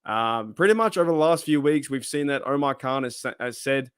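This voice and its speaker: A man's voice: medium pitch, fairly quick, smooth, dry recording, clean studio sound. A man talking casually to the camera as a sports YouTuber, rambling and thinking aloud with frequent asides. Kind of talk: casual solo video commentary.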